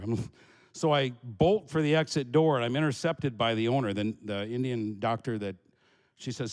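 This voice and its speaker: A man from Alaska telling a comic story about himself, animated and laughing as he goes. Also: mid-range voice, normal speed, pauses often, long reverb tail.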